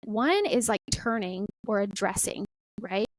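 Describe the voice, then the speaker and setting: A middle-aged woman talking casually about faith as a podcast guest, animated and full of "like" and "right?". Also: mid-range voice, a little slow, a little hiss or hum, poor audio.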